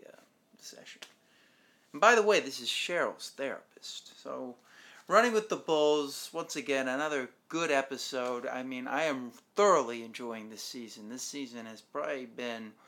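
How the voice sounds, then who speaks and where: A man's voice: medium pitch, sharp tone. A man casually recapping a TV episode as a show host, rambling along and acting out the characters' lines.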